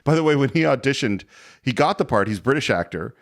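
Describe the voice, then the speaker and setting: Lively man hosting a movie podcast. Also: mid-range voice, fast talker, no echo, studio quality. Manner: animated, laughs, acts out scenes. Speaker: podcast host. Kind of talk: casual film discussion.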